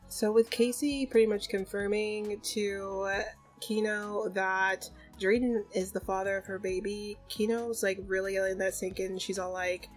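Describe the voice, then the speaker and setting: A woman talks through her life-sim game in a loose, gossipy way, slipping into her characters' lines as she goes. Her voice sits at an average pitch, and quiet game music plays under her. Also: steady tone. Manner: chatty, voices the sims in quick asides, laughs often. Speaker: gaming YouTuber. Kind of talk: casual Sims let's play narration with voiced dialogue. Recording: faint game music behind.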